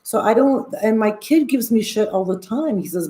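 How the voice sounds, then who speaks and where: A woman's voice: a little high, lively intonation, moderate pace, few pauses, warm tone. A woman in her sixties chatting casually to her livestream viewers, rambling and candid, with restarts and the odd frank swear word. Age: 60s. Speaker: vlogger.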